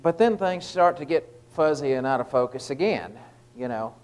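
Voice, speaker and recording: In a poor-quality recording, a lay preacher gives a casual, halting devotional talk full of fillers and restarts. His mid-range voice is animated with a slightly dark tone.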